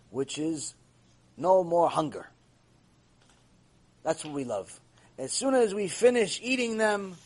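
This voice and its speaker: A man gives an animated Mussar lecture in a high, husky voice. His pitch swings widely as he repeats key lines and keeps pressing with rhetorical questions. He lectures with lively energy. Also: low-quality recording. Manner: repetitive, acts out dialogue, rhetorical questions. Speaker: Torah teacher giving a Mussar lecture.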